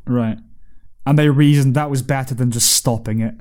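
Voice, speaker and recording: A man's voice: mid-range voice, fairly even intonation, normal speed, darkish tone. A man co-hosting a casual podcast, asking wry questions and making dry asides. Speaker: podcast co-host.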